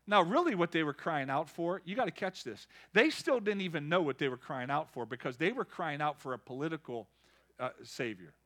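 A man preaching a lively sermon, calling out to the congregation and building to shouts. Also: on the high side, a little fast. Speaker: pastor.

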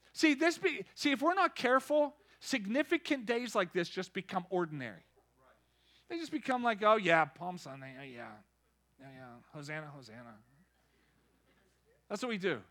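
A man preaching a lively sermon, calling out to the congregation and building to shouts. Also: extremely high pitch. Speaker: pastor.

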